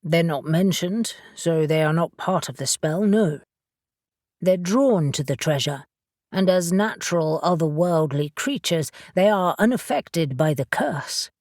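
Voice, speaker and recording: A calm male witch from an audiobook, speaking low and steady as he works through a problem, as a woman narrator puts him on. The voice sits deeper than her own, with a measured, explanatory manner. The recording is dry and close. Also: no room sound. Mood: focused. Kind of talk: audiobook character voice.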